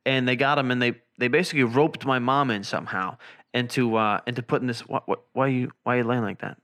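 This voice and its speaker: A young man with a bright, forceful voice rambles through a story on a casual podcast. He swears freely and talks loosely, restarting as he goes. He is recorded indoors on camera. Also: medium pitch, brisk. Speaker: podcast host. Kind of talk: casual chat. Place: indoor room, seen on camera.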